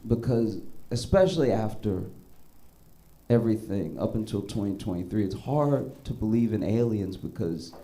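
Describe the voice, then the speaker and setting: A male stand-up comedian talking conversationally with sincere asides and loud bursts. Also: on the low side, expressive, moderate pace.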